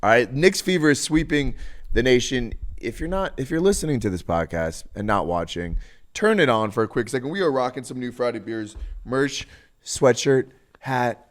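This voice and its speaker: Lively, upbeat male podcast host. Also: mid-range voice. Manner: upbeat, laughs easily, tosses in quick asides. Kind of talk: casual chat.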